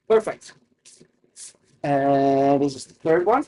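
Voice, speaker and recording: A young Romanian streamer talks in a loose, rambling way while he cooks. His accent is a mix he picked up online, and his voice sits a bit high for a man. He keeps breaking off to read and answer his chat. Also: normal speed. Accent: mixed, mostly learned online. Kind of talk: casual livestream chat while cooking.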